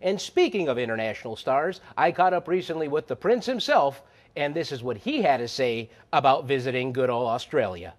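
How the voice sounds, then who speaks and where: A male wrestling announcer delivering upbeat, excited promotional announcements. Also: mid-range voice, fairly quick.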